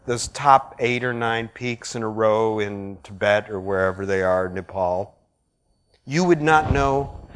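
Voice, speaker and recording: A man's voice: medium pitch, fairly bright tone. A middle-aged man with a Midwestern American accent, lecturing to an audience in a blunt, joking way full of asides. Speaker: art critic giving a lecture. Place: lecture hall.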